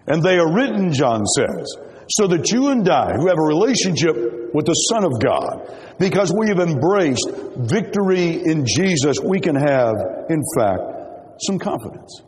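A man's voice: on the high side, a little mellow. Emphatic male preacher in a reverberant hall. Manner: emphatic, rhetorical questions, quoting scripture. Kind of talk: sermon.

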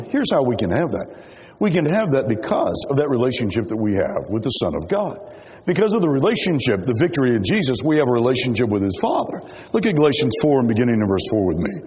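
A man's voice: mid-range voice, very animated, fast talker, a little mellow. A man preaching a sermon, emphatic and rhetorical, quoting scripture and asking the congregation questions. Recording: long hall reverb.

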